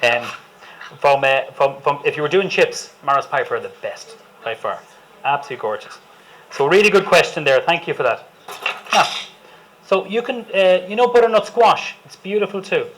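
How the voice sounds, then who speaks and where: A man's voice: fairly high pitch, expressive, normal speed, fairly bright tone, a little hiss or hum, rough recording. A man with an Irish accent, a chef giving a chatty, enthusiastic live cooking demonstration to an audience and joking with them as he goes. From Ireland.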